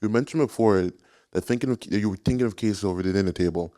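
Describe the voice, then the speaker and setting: A man in the audience asking a question, quick and a little formal. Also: fairly low pitch, mellow.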